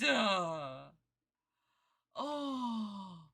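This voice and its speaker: A woman's voice: a little high, animated, a little slow, pushed and bright. A woman streamer reacting live to a cartoon, gushing at her chat with pet names and laughing often.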